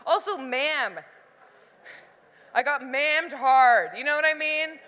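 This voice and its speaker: A woman doing live stand-up, with a high, bright voice that leaps all over. She is animated, acts out other voices and laughs often. The sound rings with a long hall reverb. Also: slow. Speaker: stand-up comedian. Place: live comedy venue.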